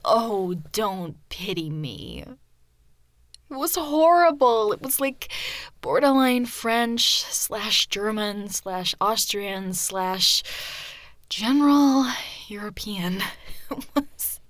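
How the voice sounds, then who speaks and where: A woman's voice: mid-range voice, expressive, takes it slowly, a bit bright, no echo. A young woman performing a girlfriend audio role-play, teasing the listener in a playful, mock-offended way and often dropping into a whisper.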